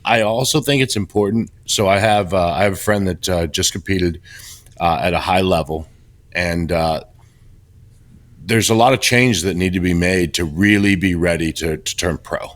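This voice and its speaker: A middle-aged man co-hosting a podcast over a video call, telling blunt stories candidly and with lively restarts. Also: low-pitched, normal speed. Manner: candid, animated storytelling with restarts. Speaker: podcast co-host. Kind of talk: casual podcast chat.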